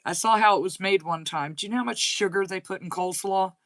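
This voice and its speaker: A crochet channel host with a slight Southern US accent runs a casual livestream chat, reading viewer comments aloud and responding to them. Her medium-pitched voice is fast, with no echo.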